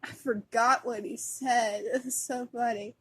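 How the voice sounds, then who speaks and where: A woman's voice: a little high, fairly even intonation, measured pace, background noise. A woman vlogger chatting casually as a fan, giggly and rambling, with lots of fillers.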